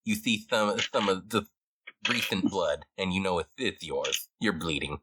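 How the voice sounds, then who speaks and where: A man's voice: low-pitched, moderate pace, pushed and bright, slight background noise. A man narrating as game master of a tabletop game in a loose, joking way.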